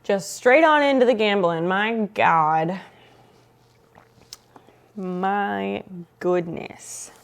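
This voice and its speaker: A woman's voice: mid-range voice, extremely slow, vocal fry, pauses often. A woman streaming from home, chatting casually with viewers, playful and teasing, with some swearing.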